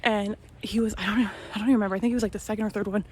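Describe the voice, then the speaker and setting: A woman in her thirties talks casually into her phone while walking outdoors. She tells a long story at an easy conversational pace and sometimes voices the people in it. Her pitch sits in a medium range for a woman, and faint background noise runs under the talk. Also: fairly even intonation, very fast. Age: 30s. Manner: chatty storytelling, acts out quoted voices. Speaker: vlogger. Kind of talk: casual walk-and-talk vlog. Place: outdoors on a walk.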